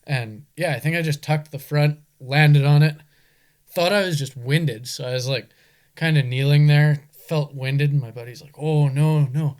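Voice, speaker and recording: A man's voice: fairly high pitch, normal speed, darkish tone, clear, resonant tone. A young man, a guest telling stories in a laid-back way, often saying "like". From Canada. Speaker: guest, enduro racer. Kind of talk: casual chat.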